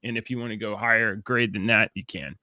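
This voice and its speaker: Middle-aged male co-host, easygoing joker with a bright tone. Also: on the low side, steady tone, fairly quick, no echo. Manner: laid-back, joking, chuckles easily. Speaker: podcast co-host. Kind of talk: casual chat.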